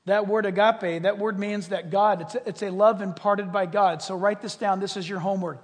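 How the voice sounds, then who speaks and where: A man preaching a sermon as a pastor, animated and conversational, acting out quoted prayers and joking with the congregation. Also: high-pitched, moderate pace, hardly any pauses, in a large hall.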